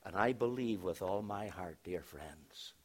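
Male pastor, sermon delivery, unhurried and low-pitched, storyteller who hushes and swells. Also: expressive. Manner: storytelling, dropping to hushed tones then rising for emphasis.

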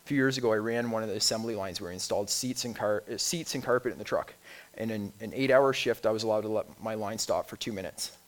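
A man, a lay speaker and youth leader, gives a conversational sermon. He reads scripture slowly, then talks informally with frequent restarts and ums. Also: lowish voice.

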